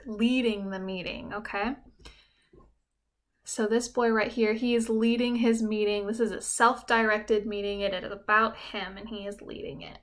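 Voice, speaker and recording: A woman teacher with a bright, slightly high voice walks young students through a lesson. She explains things patiently and simply and keeps checking that they follow along. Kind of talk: recorded classroom lesson.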